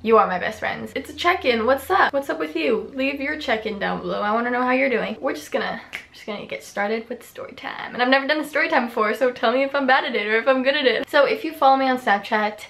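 A seventeen-year-old girl telling a storytime in a casual vlog, chatty and full of fillers and quick asides, in a small bedroom. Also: high voice, gravelly, a bit bright, slight background noise. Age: teens. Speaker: vlogger. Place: small echoey bedroom indoors.

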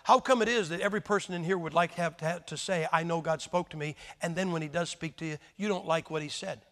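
A man in his sixties delivers a folksy sermon, throwing rhetorical questions at his listeners. His voice sits high and gravelly. A long hall reverb trails behind every phrase. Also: fast talker, a bit bright. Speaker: preacher.

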